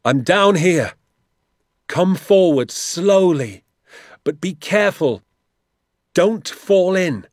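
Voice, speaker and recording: A man voicing an injured father who speaks in a firm, reassuring, low-key way. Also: unhurried, no echo, studio quality. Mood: calling out. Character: injured father, calm and steady despite pain.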